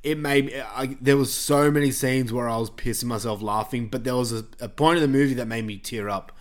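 A man talks films on a podcast, casual and blunt, swearing freely as he gives his opinions. His voice sits at an ordinary middle pitch for a man. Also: fairly even intonation, brisk. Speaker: podcast host reviewing films. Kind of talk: casual chat.

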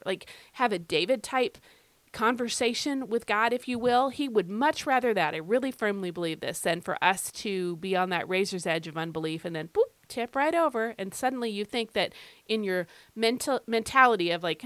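A woman hosts a devotional Bible-teaching podcast in a medium-pitched voice, leaning hard on key phrases and repeating them for weight. She talks straight to the listener in a conversational way, and her voice sounds close and dry, with no room echo. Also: expressive, normal speed. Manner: conversational, addresses listener directly. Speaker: podcast host.

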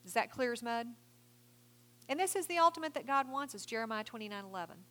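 A woman's voice: on the high side, animated, quick pace. A middle-aged woman giving a Christian counseling seminar talk, earnest, quoting scripture and taking questions. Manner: earnest, warm advice with quoted scripture.

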